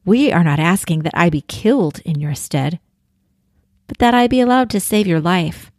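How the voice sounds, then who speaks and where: A woman's voice: lowish voice, lively intonation, normal speed, darkish tone, no room sound, clean studio sound, natural voice. A woman reading aloud as a headstrong, determined young woman of eighteen in a storybook passage. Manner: read-aloud storybook narration, first person.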